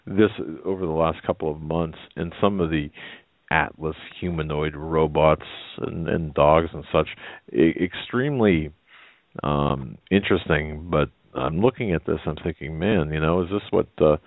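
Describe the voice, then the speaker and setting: Very deep-voiced hesitant radio host. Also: male voice, normal speed, no echo. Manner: hesitant, reflective, many restarts. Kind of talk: casual radio talk. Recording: dry, narrow phone-like sound.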